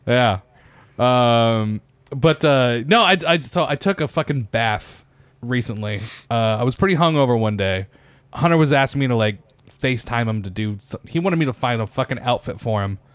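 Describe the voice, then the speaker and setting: A man's voice: mid-range voice, animated, moderate pace, clear, resonant tone, no room sound. A young man on a casual podcast, joking crudely and laughing as he tells stories. His voice is close to the mic and dry, with little room sound. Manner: swearing, laughing storyteller. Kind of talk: casual chat.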